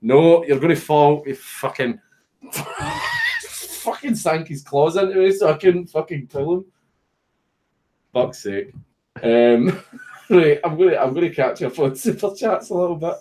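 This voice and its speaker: A man's voice: a little high, a little slow, long pauses, warm tone, rough recording. Sweary Scottish man chatting on stream. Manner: sweary, laughing, joking, distracted by a puppy. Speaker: live streamer. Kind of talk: casual live-stream chat reading viewer messages.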